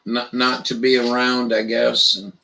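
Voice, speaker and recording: A man hosting a casual live stream, rambling in a profane, halting way with lots of restarts. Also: medium pitch, flat delivery, creaky, pushed and bright, low-quality recording.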